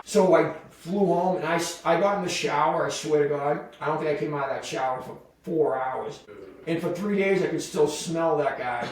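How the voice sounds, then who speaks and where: A man who is a podcast guest, telling a long story in a casual, animated way, full of fillers and voiced quotes. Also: fairly high pitch, fairly quick. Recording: echoey room, far from the mic.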